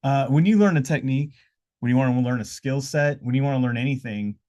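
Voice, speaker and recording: A man's voice: mid-range voice, quick pace, dark tone. A man hosting a casual live podcast, talking in loose, rambling, motivational stretches with frequent "uh"s and restarts. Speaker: podcast host. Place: indoors during a live podcast, with noise around.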